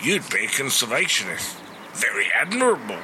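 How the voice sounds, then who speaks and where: An actor playing a shifty swindler in a radio sitcom, with smooth, wheedling sales patter. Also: male voice, mid-range voice, big pitch swings, brisk, bright, forceful tone, slight background noise. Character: shifty London wide-boy swindler.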